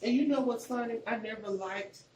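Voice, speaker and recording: This cooking vlogger, an Arkansas man with a Southern accent, chats and rambles colloquially while guiding viewers through a recipe at home. His pitch is extremely high and his tone darkish, delivered at a moderate pace. The audio is poor, with an echoey room and a little hiss or hum.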